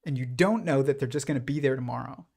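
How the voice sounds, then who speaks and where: Speaking quickly in a mid-range, darkish voice with vocal fry, a man thinks aloud on his livestream. The casual monologue is rambling and reflective, packed with fillers and restarts.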